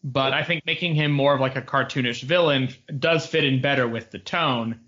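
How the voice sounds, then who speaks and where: A man co-hosting a podcast chats casually and relaxedly, rambling with plenty of fillers. His voice is medium-pitched at a normal speed, and the recording sounds muffled.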